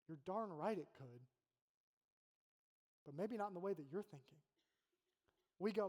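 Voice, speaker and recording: A man's voice: a little high, a little slow, long pauses, darkish tone. A male college pastor preaching a sermon in a casual, conversational way, acting out quotes from God and Moses. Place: church auditorium. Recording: long hall reverb.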